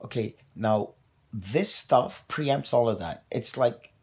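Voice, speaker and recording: A man's voice: mid-range voice, slow. A man hosting his own online show, ranting casually and profanely late at night, tired and running on coffee. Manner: profane, rambling, animated.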